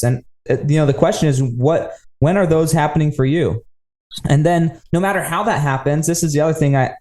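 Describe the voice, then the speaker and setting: Man, podcast host, reflective, fairly high voice, roomy echo. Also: a little mellow. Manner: reflective, draws lessons from guest's story. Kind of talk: casual interview chat.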